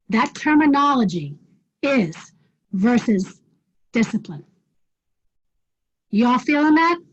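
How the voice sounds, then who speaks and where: A woman teaching an online wellness class, direct and challenging, checking in with the group with frequent questions. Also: fairly high pitch. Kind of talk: live online class talk. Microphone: video call. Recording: dull lo-fi video call audio.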